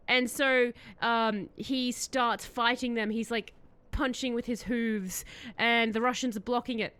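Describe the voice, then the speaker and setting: A woman's voice: a little high, fairly even intonation, a little slow, a bit bright, clear, resonant tone. A woman streamer chatting casually and telling a rambling story, giggling often.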